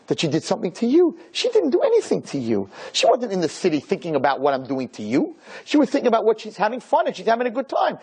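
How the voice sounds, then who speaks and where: A middle-aged man preaching as a rabbi to a group of girls, animated and acting out little dialogues. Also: mid-range voice, husky. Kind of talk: sermon to girls.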